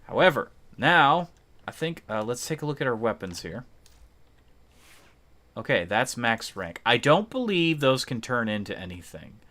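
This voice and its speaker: A man's voice: medium pitch, very animated, moderate pace. A man streaming a game live, commenting as he plays, swearing and ranting when things go wrong. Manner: swears and rants loudly when frustrated, then mutters.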